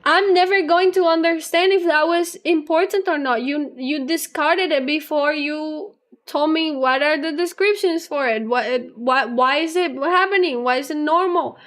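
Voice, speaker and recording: A young adult woman streamer chatting casually with her live chat, rambling on at length and laughing often, a little low on energy. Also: normal speed, fairly bright tone. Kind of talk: casual livestream chat, reading chat aloud.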